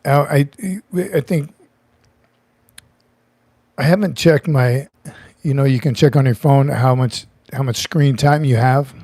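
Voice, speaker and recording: A man's voice: medium pitch, a little slow, long pauses, dark tone, no echo. Chatty man hosting a livestream. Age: middle-aged. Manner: chatty, greets viewers by name, joking asides. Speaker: livestream host. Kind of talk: casual livestream chat.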